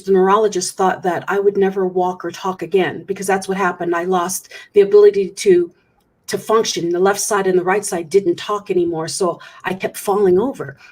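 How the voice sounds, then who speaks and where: Husky woman telling her story earnestly. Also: mid-range voice, darkish tone. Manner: earnest, candid storytelling with restarts. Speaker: guest speaker. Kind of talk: interview storytelling.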